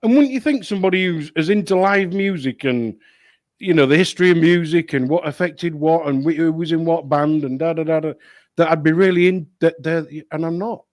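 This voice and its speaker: A man's voice: fairly high pitch, brisk, no echo, studio quality. Easygoing man in his fifties. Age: 50s. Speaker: podcast co-host. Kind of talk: casual chat.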